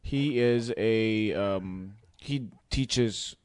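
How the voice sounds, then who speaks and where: Guy hosting a chat, excited, laughs a lot, dry sound. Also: lowish voice, drawn-out words, smooth, dry recording. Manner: enthusiastic, laughs easily. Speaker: interviewer. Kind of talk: casual conversation.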